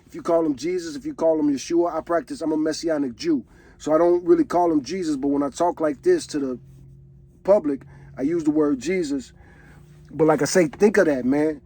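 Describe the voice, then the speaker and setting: Husky high-voiced man preaching. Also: fairly quick, mellow. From Chicago. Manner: earnest, preachy, reflective. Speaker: reaction video host. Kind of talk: casual reaction commentary.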